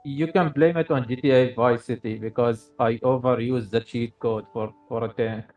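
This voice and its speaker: A man's voice: medium pitch, steady tone, moderate pace, muffled recording, soft background music. A man joining a livestream over voice call, joking in a laid-back way. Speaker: viewer on voice call. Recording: distant echoey voice-call audio.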